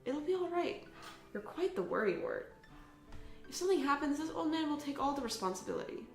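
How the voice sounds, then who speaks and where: A woman voicing an easygoing old village elder with a soft, reassuring manner. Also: sits high, sing-song, a little fast, echoey room, faint music behind, pitched above the performer's own voice. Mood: indulgent.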